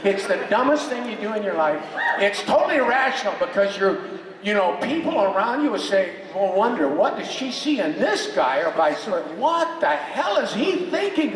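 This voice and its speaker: An older man telling joking, opinionated stories to a convention audience. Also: high voice. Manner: joking, opinionated storytelling with laughs. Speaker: convention panel guest. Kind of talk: animated convention panel talk. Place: large convention hall. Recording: echoey hall, distant mic, crowd. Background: audience reactions.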